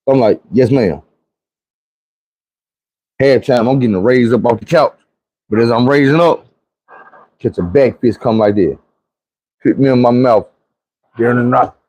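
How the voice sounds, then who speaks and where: A man's voice: mid-range voice, mellow, no echo, rough recording. A man, telling a personal story in a conversational, emphatic way. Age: 40s. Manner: conversational, emphatic, repeats "you know what I'm saying".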